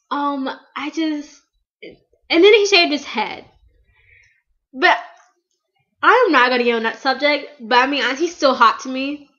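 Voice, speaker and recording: A teenage American girl talks fast and loose in a casual fan vlog, gushing and rambling with endless fillers. Her voice sits high, and the recording is dull and lo-fi like an old webcam. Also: a bit bright. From United States. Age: teen. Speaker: vlogger.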